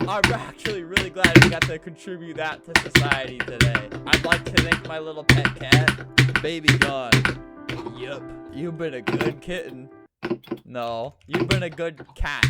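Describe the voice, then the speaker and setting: A young man in his twenties giving comedic gameplay commentary with dark, deadpan jokes and playful storytelling. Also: fairly high pitch. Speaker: gaming video creator. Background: loud background music.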